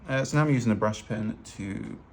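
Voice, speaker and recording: This man speaks a little fast in a low-leaning voice with vocal fry. Drawing as he goes, he teaches fashion illustration in a relaxed, talkative way, often making fun of himself, in casual tutorial narration. The hands-only overhead camera picks up slight background noise.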